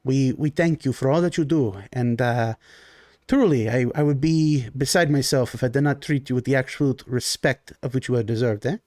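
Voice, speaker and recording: A man's voice: medium pitch, moderate pace, a little mellow, no room sound, clean studio sound, lightly acted. A man voicing a gracious, refined male baron who hosts guests courteously, speaking formally and often ending with "eh?". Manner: formal, polite, ends lines with "eh?".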